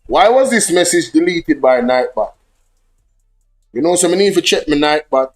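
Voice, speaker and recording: Jamaican male streamer, fairly high-pitched, lively chat to viewers, drops into patois. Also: normal speed, faint music behind. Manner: animated, slips between English and patois, addresses chat directly. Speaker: livestream host. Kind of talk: casual livestream commentary.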